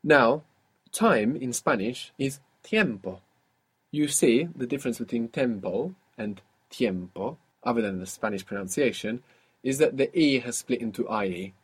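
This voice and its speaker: A man's voice: medium pitch, animated, measured pace, husky. A man teaching a guided language lesson, patiently explaining step by step and quizzing his student.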